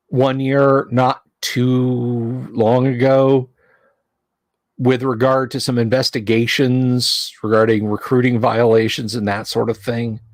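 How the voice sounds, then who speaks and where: A man hosting a casual livestream from a home studio, rambling and teasing his chat, halting with fillers. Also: mid-range voice, no echo. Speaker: livestream host.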